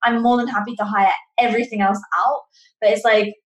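A woman's voice: on the high side, little pitch movement, a little fast, muffled recording. A young woman in her twenties with an English accent, talking casually as a podcast guest and using lots of fillers. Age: 20s. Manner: chatty, many fillers like "like". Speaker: podcast guest, online coaching entrepreneur. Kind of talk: casual interview talk. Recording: roomy echo.

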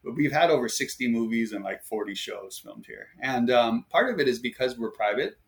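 A man from Hawaii who works on a ranch, chatting casually in an interview and telling stories with relaxed, frequent fillers. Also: mid-range voice, normal speed. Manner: storytelling, lively when amused. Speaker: ranch staff guest.

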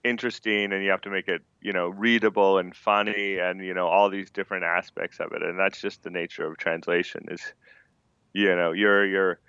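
Low-voiced, bright, animated man. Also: a little fast, smooth, dry recording, dull audio. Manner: animated, opinionated, frequent "you know" fillers. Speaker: manga translator guest. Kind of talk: podcast conversation.

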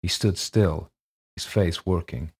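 Deep husky-voiced male story narrator. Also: slow. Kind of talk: audiobook reading of a ghost story.

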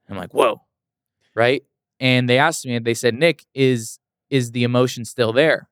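A man's voice: mid-range voice, fairly even intonation, moderate pace, a bit bright, smooth, no echo, studio quality. Earnest man telling a story. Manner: earnest, emphatic, repeats for emphasis. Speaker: motivational speaker, guest. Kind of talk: casual interview storytelling.

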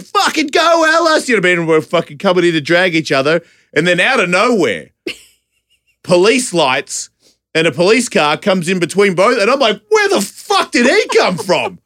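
A man's voice: sits high, moderate pace, no room sound, studio quality. A man telling a chaotic story in casual chat, swearing freely and laughing as he goes. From Australia. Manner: animated, profane, laughing storyteller.

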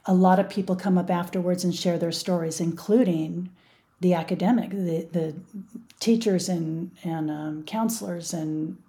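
A woman's voice: fairly low pitch, steady tone, moderate pace, mellow. A middle-aged woman speaking earnestly and with emphasis as an interview guest. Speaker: guest, mother of a victim. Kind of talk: interview conversation.

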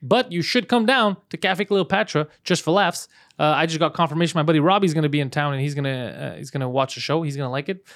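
A man's voice: a little high, fast talker, a bit bright, no room sound, clean studio sound. A man co-hosting a podcast, reading news aloud in loose, joking banter and swearing freely. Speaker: podcast co-host.

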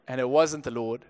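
A young pastor from Zimbabwe, with a mid-range voice and a darkish tone, tells a story from his own life. The sermon is conversational, marked by frequent stammered restarts.

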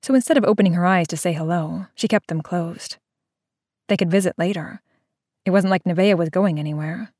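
A woman narrating an audiobook in a steady, unhurried, somber read on a close mic. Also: lowish voice, dry recording.

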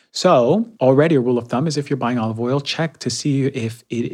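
A man's voice: mid-range voice, a little mellow. A man hosting a podcast, talking casually and reviewing products, repeating himself with fillers. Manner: chatty, repeats words, many fillers. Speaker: podcast host.

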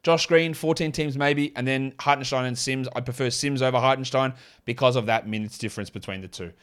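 A man's voice: mid-range voice, fairly even intonation, fairly bright tone, smooth. Australian man rattling off basketball analysis. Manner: quick, rambling analysis with restarts. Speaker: podcast host. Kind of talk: fantasy basketball podcast talk.

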